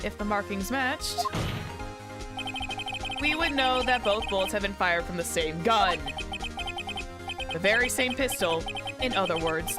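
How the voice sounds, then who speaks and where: A woman's voice: mid-range voice, natural voice. A woman voicing an earnest young male defense lawyer, reading game dialogue aloud over game music.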